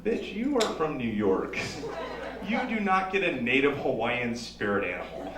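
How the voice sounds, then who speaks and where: A man's voice: medium pitch, very animated, moderate pace, very noisy. A man doing a stand-up comedy set on a club stage, wry and self-mocking with a punchy delivery. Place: club stage with a live audience. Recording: roomy live sound from a distant mic.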